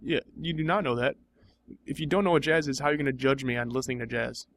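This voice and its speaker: A man's voice: medium pitch, fast, fairly bright tone. A young man in improvised comedy banter, dry, skeptical and argumentative.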